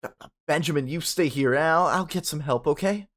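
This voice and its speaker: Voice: mid-range voice, moderate pace, voice pushed up, close to an everyday voice. A narrator voicing a flustered woman school principal who stammers and scolds. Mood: anxious.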